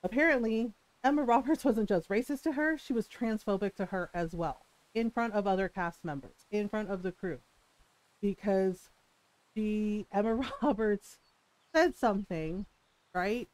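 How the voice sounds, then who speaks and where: Woman, streamer, casual live-stream rant, laughing, swearing, medium pitch, dry close sound. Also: measured pace, no room sound, low-quality recording. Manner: animated storytelling rant, frequent laughs and swearing.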